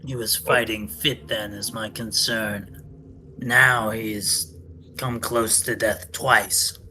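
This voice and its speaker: A man's voice: on the low side, steady tone, slow pace, pushed and bright, a little hiss or hum, heavily acted. A man playing an impatient adventurer who pushes the party to keep moving. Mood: pushy. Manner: urgent, pushy. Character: impatient male adventurer, eager to get moving.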